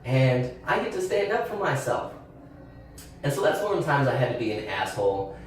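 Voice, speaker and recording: A man's voice: medium pitch, very animated, fairly quick. A young man hosting his channel, telling a personal story in a candid, rambling way with fillers and restarts. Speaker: channel host. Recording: very echoey room, voice a bit distant, faint background hiss.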